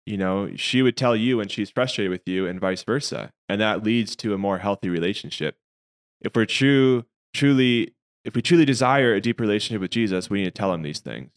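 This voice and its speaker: A man's voice: lowish voice, fairly quick. A man co-hosting a casual faith discussion, speaking in an earnest, reflective and explanatory way. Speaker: podcast co-host.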